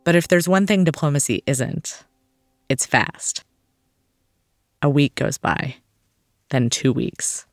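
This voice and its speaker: A man's voice: on the high side, animated, slow, long pauses, no echo, studio quality. A man hosting a podcast, telling a story in scripted documentary narration with a wry touch. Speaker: podcast host.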